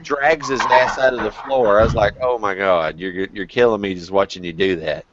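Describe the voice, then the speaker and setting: A man's voice: fairly low pitch, steady tone, normal speed, muffled recording, crowd noise. A man hosting a casual group chat, telling candid, profane stories full of restarts. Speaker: vlog host.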